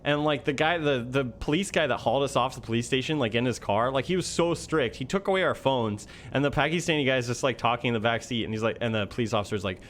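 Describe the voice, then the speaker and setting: A man's voice: mid-range voice, fast, hardly any pauses, a bit bright, a little hiss or hum. Rambling young man telling a story. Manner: rambling, heavy use of fillers. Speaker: vlogger. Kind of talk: casual storytelling.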